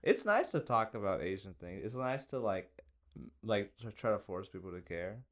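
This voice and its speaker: Young guy hosting a podcast, kinda low voice, stops and restarts a lot, pokes fun at himself. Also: expressive. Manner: halting, self-deprecating, many restarts and fillers. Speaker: podcast host. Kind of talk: casual chat.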